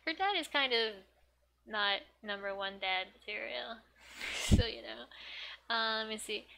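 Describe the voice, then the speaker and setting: A young woman teaching Japanese from a manga in a chatty, giggly way, full of "like", sometimes muttering softly as she looks up words. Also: fairly high pitch, unhurried, vocal fry, a little hiss or hum. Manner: chatty, giggly, filler-heavy with frequent "like". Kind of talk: casual manga study lesson.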